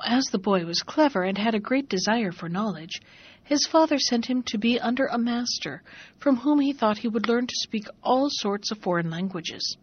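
A woman's voice: fairly high pitch, husky. A woman reading a fairy tale aloud, changing her voice for the figures in the dialogue. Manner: reads dialogue with lively shifts of voice for each figure. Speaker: storyteller. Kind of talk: scripted fairy tale narration. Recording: dull lo-fi recording.

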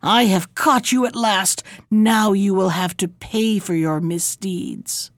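A woman's voice: medium pitch, slow, no echo, clean studio sound. A woman voicing a spiteful, vengeful old witch in a storybook reading, speaking in a menacing, threatening way. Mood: accusing.

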